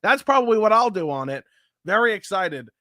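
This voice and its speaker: A man's voice: high voice, brisk, dry recording, clean studio sound. A man co-hosting a baseball podcast, chatting casually and telling stories with jokes. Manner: animated storytelling, joking. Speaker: podcast co-host. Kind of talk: casual sports chat.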